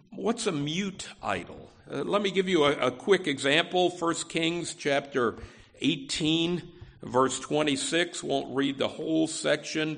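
A male pastor delivers a sermon in a loose, conversational way, peppering his talk with "you know." His voice sits a bit high and has a gravelly edge. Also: fairly bright tone. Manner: conversational preaching with frequent "you know" and restarts.

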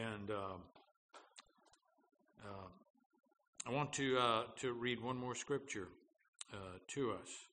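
A man's voice: medium pitch, slow pace, long pauses, sharp tone. A man preaching a sermon as pastor, earnest and full of fillers and restarts, building to emphatic declarations. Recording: long hall reverb, faint background noise.

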